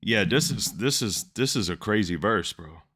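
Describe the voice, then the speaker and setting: Guy reacting to rap verses, lowish voice but bright and forceful, keeps replaying lines n breaking them down. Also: normal speed. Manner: excited, repeats lines back and breaks them down. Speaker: music reaction host. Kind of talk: casual music reaction commentary.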